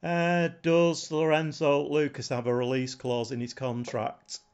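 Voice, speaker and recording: A man's voice: on the high side, flat delivery, unhurried, smooth. A man chatting casually on a live stream, thinking aloud in a rambling way and chuckling often. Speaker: game streamer.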